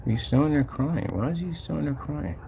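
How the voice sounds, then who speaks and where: A man's voice: fairly high pitch, lively intonation, fairly quick, gravelly, warm tone, a little hiss or hum. A man giving casual screen-share commentary about his own product, mocking and exasperated, repeating his points as he clicks through a website. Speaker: company owner showing his product site.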